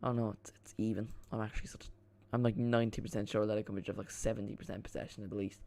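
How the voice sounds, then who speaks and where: A man's voice: fairly low pitch, little pitch movement, rapid-fire, vocal fry, mellow. A young man giving casual live commentary on a football match as a watchalong streamer, chatty, with swearing and self-mocking asides.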